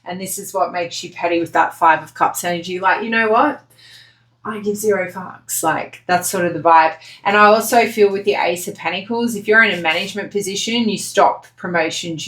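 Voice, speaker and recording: A woman's voice: lowish voice, a bit bright. A woman giving a casual pick-a-card tarot reading, talking bluntly and swearing freely. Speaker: tarot reader. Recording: echoey room.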